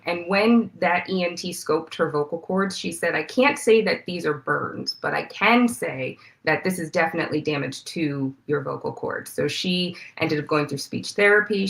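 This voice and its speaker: Female reporter guest, low voice, clear and steady explainer. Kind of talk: interview answers.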